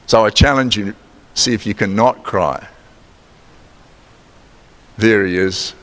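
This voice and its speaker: In a church sanctuary with long reverb, a man with a New Zealand accent preaches in a chatty, playful way, quizzing the congregation and slipping in teasing asides. His mid-range voice is expressive, gravelly and a bit bright, moving at normal speed with frequent pauses.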